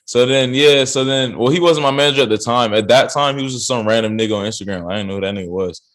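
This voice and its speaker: A man's voice: medium pitch, fast, fairly bright tone. A young man from South Carolina, a rapper, telling his story in a loose, slangy, laid-back way as an interview guest. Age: young adult. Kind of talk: casual interview chat. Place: interview studio.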